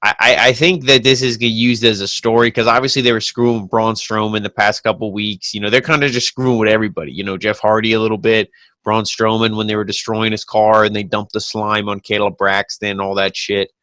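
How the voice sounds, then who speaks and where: A man's voice: on the low side, flat delivery, fairly quick, sharp tone, no echo. A man co-hosting a wrestling podcast in casual chat, blunt and laid-back with casual swearing.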